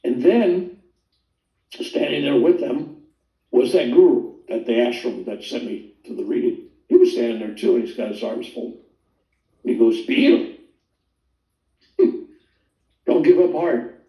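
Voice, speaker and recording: An older man casually telling his near-death story in a rambling, animated way, acting out the voices he quotes. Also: medium pitch, moderate pace, long pauses, dull audio. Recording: roomy sound, distant from the mic.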